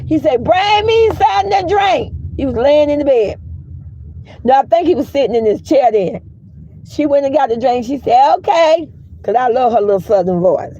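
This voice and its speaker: A woman hosting a casual commentary chat, telling stories in a blunt, profane, animated way. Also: fairly high pitch, brisk, husky, dry recording, lo-fi sound. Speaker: commentary livestream host.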